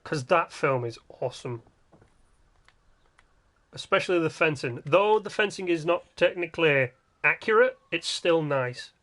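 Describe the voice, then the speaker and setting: A man's voice: on the high side, animated, measured pace, pauses often, fairly bright tone. A man casually commenting while building in a game livestream, joking and grumbling in a rambling way. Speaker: game streamer.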